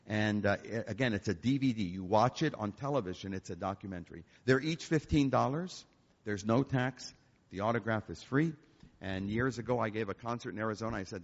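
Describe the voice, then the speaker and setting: A man's voice: on the low side, fairly quick. An older man, a concert pianist, telling joking stories to an audience at a church. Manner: animated, joking storyteller. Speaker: concert pianist and guest speaker. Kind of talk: storytelling talk to an audience. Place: church hall. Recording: echoey hall, dull lo-fi sound.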